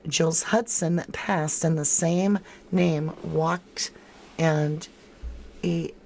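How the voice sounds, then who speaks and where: Woman, livestream host, casual commentary on chat, low voice and slow delivery. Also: fairly even intonation, a little mellow, slight background noise. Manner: talkative, incredulous, thinks aloud and answers chat by name. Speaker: true crime livestream host.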